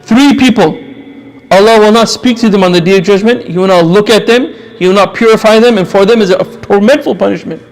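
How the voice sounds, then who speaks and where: Man, high-pitched voice, fervent religious lecturer, repeats phrases for emphasis. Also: fast, hardly any pauses.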